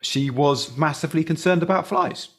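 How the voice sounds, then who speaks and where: A man hosting a casual interview over a video call, with a husky voice, supportive and hesitant, often restarting his sentences. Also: on the high side, moderate pace. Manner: hesitant, supportive, many restarts and agreeing murmurs. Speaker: podcast host.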